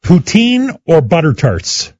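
Husky, lively man hosting. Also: fairly high pitch, slow, no room sound, muffled recording. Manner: upbeat, laughs often, quizzing. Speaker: radio show host interviewing a guest. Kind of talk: casual chat quiz.

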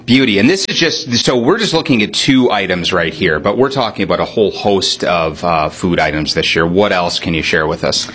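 A man reporting for radio, chatting casually as he tastes fair food and describes every bite out loud. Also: low voice, expressive, fairly quick, few pauses, breathy edge. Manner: chatty, upbeat, describes aloud while chewing. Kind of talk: casual on-location food tasting chat.

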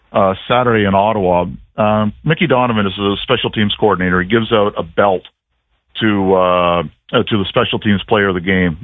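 A man calls in over a tinny, narrow phone line. He is a chatty sports broadcaster, telling animated stories with a self-mocking streak. The sound is dry, with no room around it. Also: fairly low pitch, dry recording. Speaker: play-by-play broadcaster, phone guest. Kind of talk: casual radio interview.

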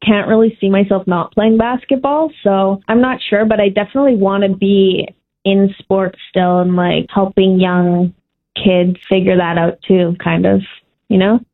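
A woman's voice: medium pitch, fairly even intonation, moderate pace. Young woman, from Canada, shy, giggly, short answers, phone-line sound. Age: young adult. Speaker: guest, basketball player. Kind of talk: casual interview answers.

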